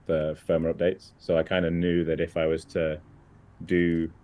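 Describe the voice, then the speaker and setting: Deep-voiced man. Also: flat delivery, mellow. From United Kingdom. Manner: halting, with many restarts and fillers. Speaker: guest on a photography chat stream. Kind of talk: casual live-stream chat.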